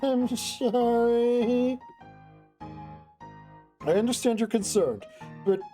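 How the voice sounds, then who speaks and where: A gruff young man grumbles with dry irritation, hiding his concern, as a man reads him aloud from a game. His voice is mellow and unhurried. Soft music plays faintly behind. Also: very high voice, exaggerated voice. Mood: irritated. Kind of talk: reading a game's dialogue aloud on stream.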